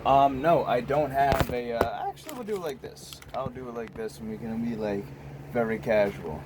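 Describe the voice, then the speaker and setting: A man's voice: medium pitch, animated, moderate pace, background noise. An American man hosting his own casual vlog, rambling and profane, filmed on a phone. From United States. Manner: rambling, profane, many restarts. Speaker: host.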